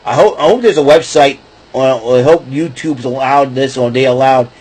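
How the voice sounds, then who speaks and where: A man's voice: mid-range voice, moderate pace, a little mellow, breathy edge, poor audio. A middle-aged man hosting his own show, talking casually in a rambling way with many restarts. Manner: rambling, restarting, breaks into goofy voices and laughs. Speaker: podcast host. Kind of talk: casual solo talk.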